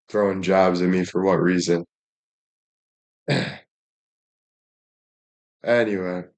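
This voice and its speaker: A young man ranting bluntly at his viewers with heavy swearing and repeated catchphrases. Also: lowish voice. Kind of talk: profane rant to viewers.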